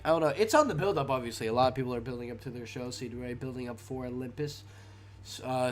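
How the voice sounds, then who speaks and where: A young man hosts a relaxed solo podcast in a stuffy, congested voice left over from a cold. His pitch sits at an ordinary middle level. He rambles along, stopping often to hesitate and restart his sentences. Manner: rambling, hesitant, many filler sounds and restarts. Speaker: podcast host. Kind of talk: casual solo podcast chat.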